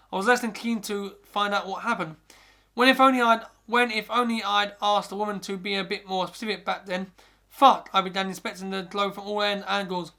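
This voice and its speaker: A man's voice: high-pitched, vocal fry, pushed and bright. A man hosting a podcast, reading a scary story aloud in the first person, often stumbling and restarting words. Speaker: podcast host.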